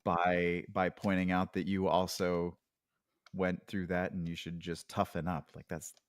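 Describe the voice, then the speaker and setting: A man's voice: sits low, level tone, unhurried, smooth, dry recording, clean studio sound. A man talking as a podcast guest in casual conversation, reflective and hesitant, with many fillers and restarts.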